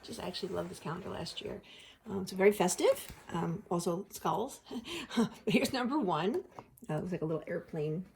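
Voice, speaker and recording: A woman's voice: on the low side, expressive, normal speed, vocal fry, a little mellow, slight background noise. Chatty, giggly woman host. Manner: chatty and giggly, thinking aloud. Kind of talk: casual unboxing chat.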